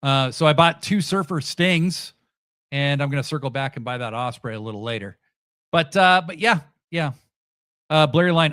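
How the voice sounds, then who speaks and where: A middle-aged podcast host chats casually and sarcastically on a livestream, reading out chat comments, with lots of fillers and restarts. His fairly high voice is animated and a bit bright at a moderate pace. The clean studio sound has no room noise.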